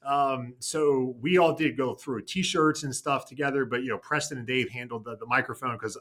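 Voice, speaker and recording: A man's voice: mid-range voice, fairly even intonation, normal speed, a bit bright. A man co-hosting a casual station chat show, telling a long story with many restarts and fillers. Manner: rambling, self-correcting storytelling. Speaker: TV news anchor.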